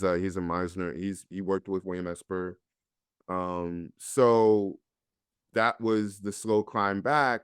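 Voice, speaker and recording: Low, smooth-voiced man telling stories. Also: no room sound, studio quality. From North Carolina. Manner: reflective, earnest, candid. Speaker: actor guest. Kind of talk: candid conversational storytelling.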